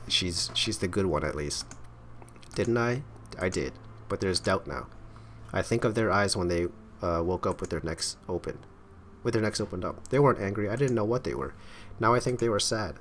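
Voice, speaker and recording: A man's voice: deep voice, lively intonation, brisk, fairly bright tone, a little hiss or hum. A man hosting a game playthrough, reading the dialogue aloud dramatically and breaking off for wry comments. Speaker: let's play host.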